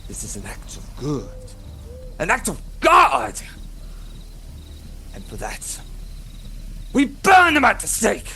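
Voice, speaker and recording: A man's voice: high voice, huge pitch swings, slow pace, creaky, long pauses, bright, forceful tone, a little hiss or hum, exaggerated voice. A man voicing a tall, looming, zealous male witch hunter who preaches solemnly and fanatically.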